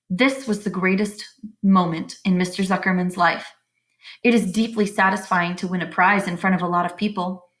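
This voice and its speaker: Woman reading a chapter book aloud. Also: mid-range voice. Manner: expressive, pauses to explain to young listeners. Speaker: reader of a children's book.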